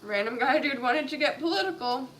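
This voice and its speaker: Wry woman with a high voice. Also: lively intonation, brisk, a bit bright, low-quality recording. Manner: wry, dry remarks. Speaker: mukbang co-host. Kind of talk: casual chat while eating. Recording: clear background noise, clinking dishes.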